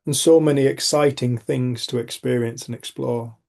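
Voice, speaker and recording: A man's voice: medium pitch, fairly even intonation, normal speed, gravelly, darkish tone. A middle-aged man hosts a community group. He tells personal stories in a frank, rambling way, restarting sentences and swearing casually. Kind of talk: reflective personal storytelling.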